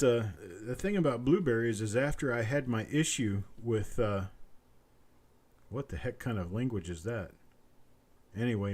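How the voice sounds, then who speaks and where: A man runs a live auction, chanting the same bid over and over in a mellow, relaxed voice. He drifts into easygoing, folksy chatter between calls, and it all sounds like it comes from his home. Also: lowish voice. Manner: repetitive bid-calling chant mixed with folksy banter. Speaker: auctioneer host. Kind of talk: live online auction calling with chatty asides.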